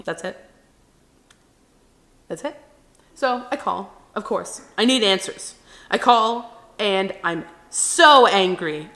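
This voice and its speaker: Bright-voiced young woman telling a story. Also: mid-range voice. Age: young adult. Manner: emotional, animated retelling with acted quotes. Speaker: vlogger. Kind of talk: personal storytime vlog.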